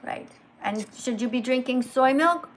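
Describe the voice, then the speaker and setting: A woman hosting a livestream, lecturing slowly and emphatically like a teacher. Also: high-pitched, expressive, slight background noise. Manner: slow, emphatic teacher-like delivery. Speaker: livestream host.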